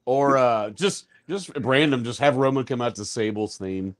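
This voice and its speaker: A man co-hosting a casual wrestling podcast, joking and animated, restarting his sentences as he goes. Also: mid-range voice, normal speed. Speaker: podcast co-host.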